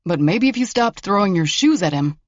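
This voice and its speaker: A man's voice: high-pitched, lively intonation, fairly quick, no room sound, voice pushed up. Narrator guy doing a fed-up federal agent, dry and wry, sounds kinda muffled. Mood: exasperated. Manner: dry, exasperated. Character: exasperated, wry young male federal agent.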